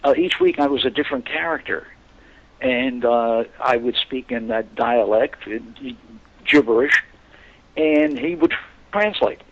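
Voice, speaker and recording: An older man, a guest actor, telling lively anecdotes in an interview and acting out the voices of people he quotes. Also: medium pitch, a little slow, creaky, muffled recording. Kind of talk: storytelling interview chat.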